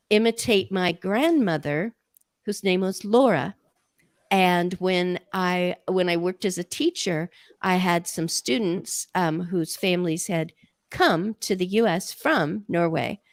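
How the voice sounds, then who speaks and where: A woman's voice: lowish voice, takes it slowly, no echo. Chatty older woman hosting, dry sound. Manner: enthusiastic, chatty storyteller. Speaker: podcast host. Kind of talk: casual interview chat.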